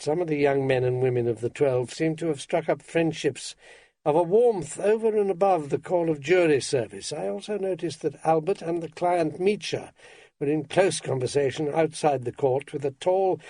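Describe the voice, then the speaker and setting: A man's voice: on the high side, darkish tone, no room sound. A man narrating an audiobook in a dry, wry first-person manner.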